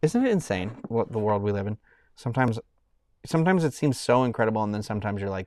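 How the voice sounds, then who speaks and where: A man's voice: lowish voice, expressive, fast talker, dry recording, studio quality. A man in his thirties chatting casually on a live stream, rambling and often breaking off mid-sentence as he thanks viewers. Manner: rambling, self-interrupting, thanking donors warmly.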